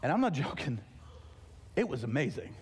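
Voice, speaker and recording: A pastor delivering a sermon, telling a story with lively acted-out dialogue. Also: male voice, mid-range voice, normal speed, husky. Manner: animated storytelling, acting out dialogue. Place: church auditorium. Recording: long reverb of a large hall.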